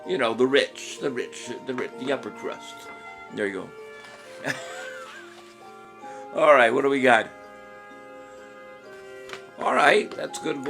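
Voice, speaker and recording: A man hosting a casual trivia live stream, joking and chuckling while he reads out viewers' answers. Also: medium pitch. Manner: jokey, rambling, chuckles often, reads commenters' answers aloud. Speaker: trivia show host.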